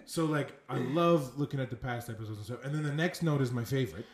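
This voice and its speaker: A young adult podcast co-host in casual, joking banter, laughing often and throwing in quick asides. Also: medium pitch, a little mellow, reverberant. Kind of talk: casual chat.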